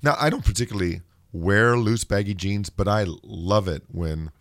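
Man, studio guest, retired police officer, low voice, wry humor, dry close mic. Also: lively intonation, normal speed, creaky, fairly bright tone, dry recording. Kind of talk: casual radio chat. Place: radio studio.

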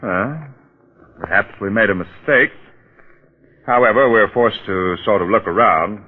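A man's voice: lowish voice, breathy edge. An actor playing a shrewd male police detective in a 1940s radio drama, polite but probing. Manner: measured, probing questions. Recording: tinny old radio broadcast.

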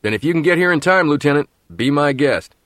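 A man's voice: a little high, animated, brisk, fairly bright tone, no room sound, clean studio sound, voice pushed up. A man reading an audiobook, voicing a helicopter duty officer who asks short, terse questions.

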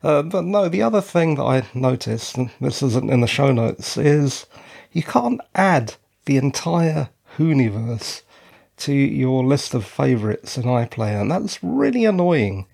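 This medium-pitched male voice is unhurried and darkish, with big pitch swings, vocal fry and a breathy edge. A middle-aged podcast host, out of breath and tired, he rambles through casual solo chat with self-deprecating asides into a handheld dynamic mic.

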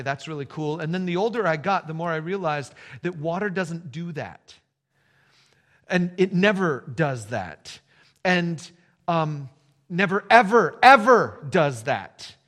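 A man's voice: fairly high pitch, fairly bright tone. A man preaching a sermon as a pastor, telling the story with repeated phrases and building emphasis. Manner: storytelling with rising emphasis and repetition.

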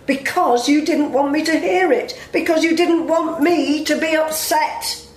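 A woman's voice: high voice, measured pace, a little hiss or hum. A woman acting a blunt, wounded working-class friend, speaking emotionally in slangy everyday talk. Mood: aggrieved. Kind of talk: audio drama acting. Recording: roomy echo.

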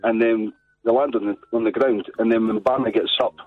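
A Scottish man rambles on cheerfully as a phone-in caller, his story spilling out in loose, chatty runs. His voice is husky and comes through a thin, tinny phone line with no room sound at all. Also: lowish voice, fairly even intonation, fairly quick, dry recording, faint music behind. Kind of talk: phone-in call.

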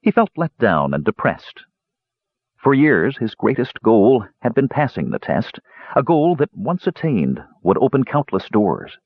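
A man narrating a fantasy audiobook in an expressive storytelling manner. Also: medium pitch, measured pace, slightly rough, no echo, phone-quality sound.

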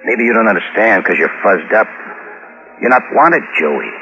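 An actor playing a hard-bitten carnival owner who narrates tersely in a 1940s radio drama. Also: male voice, on the low side, expressive, moderate pace, bright, forceful tone. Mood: contemptuous. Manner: terse, cold, brooding narration. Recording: dull old radio recording with music behind.

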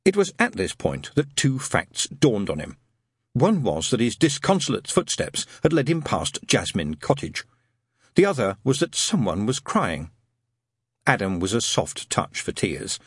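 A man narrating a comic novel as an audiobook, wry and expressive, switching into character voices. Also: fairly low pitch, measured pace, slightly rough, no echo, clean studio sound.

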